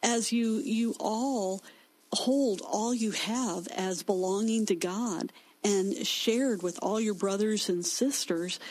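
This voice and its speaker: A woman's voice: medium pitch, takes it slowly, a little mellow, poor audio. A woman in a Christian discussion who teaches from scripture with emphatic stress.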